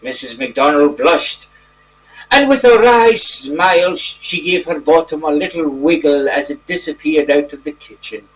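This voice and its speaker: Male actor as a genteel gentleman reading a bedtime story, high-pitched, faint hiss behind him. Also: animated. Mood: storytelling. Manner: gentle, drawn-out storyteller delivery. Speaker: storybook reader. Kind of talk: mock children's bedtime story narration. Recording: distant mic, faint background noise.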